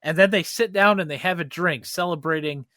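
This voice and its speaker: Man, podcast co-host; bright, fairly high voice, dry close sound, rambling plot recap. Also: brisk, no room sound. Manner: recaps plot in long run-on stretches. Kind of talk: casual chat.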